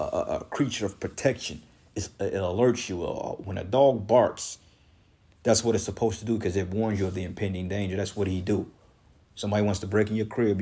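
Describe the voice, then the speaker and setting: A man with a low, husky voice preaches in a heated, profane rant. He scolds his listeners and keeps tagging his lines with "man" as he quotes scripture and rebukes them. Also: warm tone. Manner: profane, scolding, repeats "man" at line ends. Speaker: street preacher. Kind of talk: angry religious rant.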